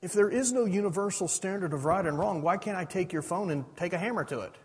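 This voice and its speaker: A man's voice: high-pitched, quick pace, slightly rough. A middle-aged man preaching a sermon, pressing his points with rhetorical questions and asking "you understand that?". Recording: reverberant hall.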